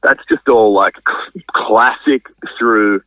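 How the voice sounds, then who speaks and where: Speaking slowly in a lowish voice, this podcast guest, a drummer and venue owner, chats loosely, wandering off topic and cursing without restraint. The casual interview has a thin, phone-like quality with no room sound at all.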